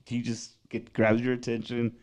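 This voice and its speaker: Animated cussing podcast guest, warm tone. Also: male voice, mid-range voice, normal speed. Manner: animated, profane, recites lyrics. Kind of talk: casual music chat.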